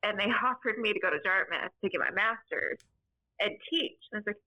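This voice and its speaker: A woman's voice: medium pitch, animated, fairly quick, sharp tone, no room sound, low-quality recording. A woman from Kentucky with a faint Southern accent, a podcast guest chatting casually and poking fun at herself. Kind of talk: casual chat.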